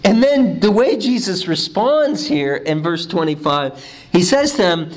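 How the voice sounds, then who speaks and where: A man, a pastor, preaching a sermon, swinging between quiet low stretches and emphatic high ones, often repeating his first words. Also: very animated, unhurried. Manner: repeats words when starting phrases.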